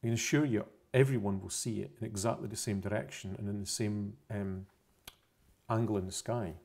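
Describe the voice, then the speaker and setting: A man's voice: on the low side, fairly even intonation, a little fast, creaky, a little mellow. A man explaining a science topic over pictures, unscripted, methodical and repetitive, often correcting himself mid-phrase. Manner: methodical, repeats points, self-corrections.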